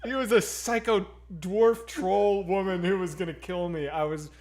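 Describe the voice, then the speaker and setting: A man co-hosting a streamed chat, telling a story in an excitable way and swearing often. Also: sits high, normal speed. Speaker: stream co-host.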